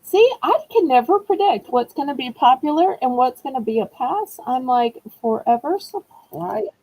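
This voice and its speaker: Southern lady hosting a live auction stream, high bouncy voice, playful chatter. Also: animated, moderate pace, a little mellow, low-quality recording. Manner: chatty, playful, self-teasing. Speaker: online auction seller.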